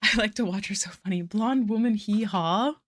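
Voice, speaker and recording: A woman's voice: mid-range voice, fairly quick. A young woman, chatting casually with her livestream viewers and muttering asides while she draws. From Canada. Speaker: art streamer.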